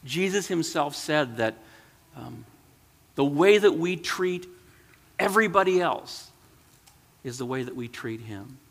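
A man's voice: on the high side, lively intonation, measured pace, vocal fry, long pauses, a bit bright. Earnest man reading a children's story. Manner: earnest, emotional. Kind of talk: reading a children's story aloud, then reflecting. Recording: long hall reverb.

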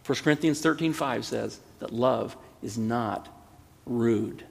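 In a large, echoing space, a man in his fifties delivers a sermon as a pastor, his gravelly, husky voice pleading earnestly and rising to emphatic peaks. He speaks slowly at a medium pitch.

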